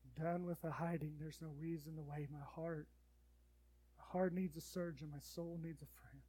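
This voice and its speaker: A pastor delivers his sermon in a slightly high voice, rising to loud urgent appeals and then dropping to soft, hushed pleading. The sound is dry and close, with no room echo. He ends by leading the congregation in prayer. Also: fairly even intonation, normal speed, slightly rough.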